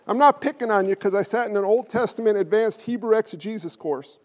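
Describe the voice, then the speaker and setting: A male pastor delivering a sermon in a strikingly high voice. He presses his points with loud emphasis, drops to hushed asides, and keeps asking the congregation questions. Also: fairly quick. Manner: swings between loud stresses and hushed asides.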